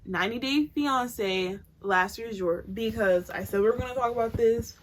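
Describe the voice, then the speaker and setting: A young woman with a slightly high voice hosts her own podcast. She talks in a loose, blunt, gossipy way and swears freely, as if chatting with friends. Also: moderate pace, rough recording. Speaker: podcast host. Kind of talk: casual solo podcast chat.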